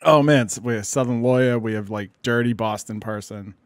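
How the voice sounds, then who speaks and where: A man's voice: medium pitch, brisk, no room sound, clean studio sound. A man co-hosting a casual podcast, playful and bantering. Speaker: podcast co-host.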